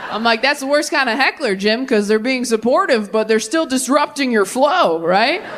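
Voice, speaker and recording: A young woman performing stand-up comedy on stage, wry and animated, jumping to high squeaks for emphasis. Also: moderate pace. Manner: wry, animated delivery with sudden high-pitched bursts. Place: comedy stage before a live audience.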